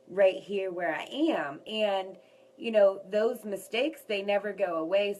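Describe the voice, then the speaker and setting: A woman's voice: medium pitch, poor audio. A woman vlogger telling a personal story straight to her viewers in a candid, rambling way.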